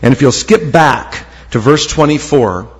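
A man's voice: medium pitch, unhurried, breathy edge. A man preaching a sermon as pastor, reading scripture aloud in a church and lifting key phrases for emphasis. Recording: long hall reverb.

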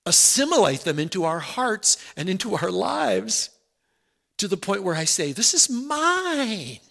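A man preaching a sermon in an earnest, conversational way, dropping soft and then rising loud. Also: sits high, gravelly.

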